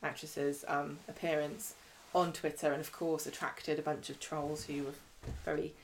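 A woman's voice: sits low, level tone, normal speed, vocal fry, slight background noise. A woman co-hosting a podcast, recapping a soap in casual chat and laughing often. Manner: chatty, laughs often, acts out characters' lines. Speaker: podcast co-host.

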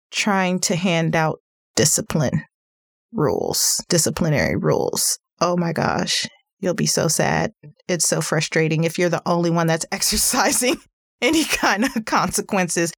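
A woman's voice: a little slow, dry recording, clean studio sound. Chatty woman giving earnest parenting advice. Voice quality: pitchy voice. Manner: chatty, earnest, emphatic, fillers like "like". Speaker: parenting podcast host. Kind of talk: casual advice talk.

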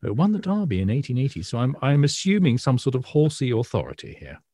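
A British man co-hosting an art podcast, explaining paintings in a self-deprecating, hesitant way with many pauses. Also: mid-range voice, sing-song, warm tone, slightly rough, no echo, clean studio sound. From Britain. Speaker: podcast co-host, art historian. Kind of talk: casual chat.

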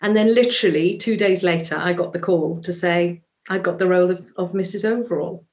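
A woman's voice: lowish voice, a little fast, darkish tone. A Welsh woman, a musical theatre actress, telling a story in a chatty interview full of ums. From Wales. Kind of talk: casual interview anecdote.

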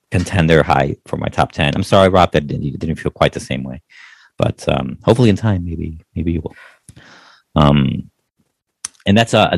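A man's voice: extremely low pitch, vocal fry, slightly rough, no room sound. A man co-hosting a podcast, chatting casually about movies, laid-back, swearing easily and trailing off with fillers. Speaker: podcast co-host. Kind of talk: casual movie review chat.

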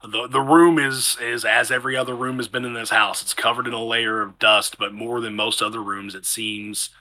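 Bright-voiced man narrating as game master. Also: mid-range voice, steady tone, rough recording. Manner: descriptive, halting with many fillers. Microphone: online voice call.

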